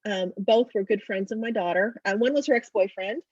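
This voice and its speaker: A middle-aged woman author in a casual interview over a video call, telling stories in a chatty, animated way. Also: medium pitch, fairly quick, no room sound, highs cut off.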